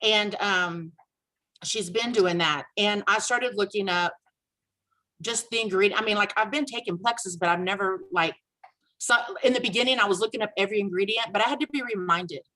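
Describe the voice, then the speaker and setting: A woman casually telling a personal story on a video call, animated and acting out the dialogue she quotes. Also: medium pitch, moderate pace, rough recording. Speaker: guest sharing a testimonial.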